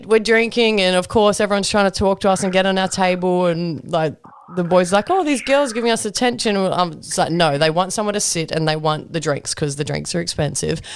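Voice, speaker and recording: A woman's voice: mid-range voice, clear, resonant tone. A woman hosting a podcast, telling a story casually with lots of laughter and acted-out quotes. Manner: animated, laughs often, acts out quoted lines. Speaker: podcast host.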